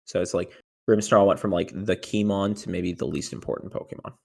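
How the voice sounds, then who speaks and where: This young man won a tournament and talks casually about his run in an interview, his voice low, brisk and gravelly. He rambles with lots of fillers and gets animated retelling moments of panic.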